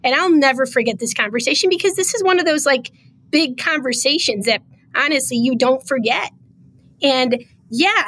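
A woman's voice: high-pitched, a bit bright, husky. A woman guest on a podcast, telling a painful personal story with emotion, close to tears, in an earnest way with many fillers.

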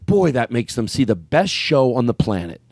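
Animated comedian telling a story. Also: male voice, mid-range voice, moderate pace, breathy edge, no room sound. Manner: animated, swearing, acts out his own lines. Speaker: comedian podcast host. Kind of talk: casual storytelling on a podcast.

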